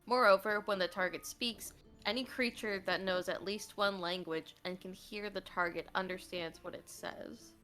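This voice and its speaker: A woman's voice: medium pitch, steady tone, normal speed, few pauses, pushed and bright, soft background music. Matter-of-fact woman player. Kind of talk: reading out a spell, casual chat.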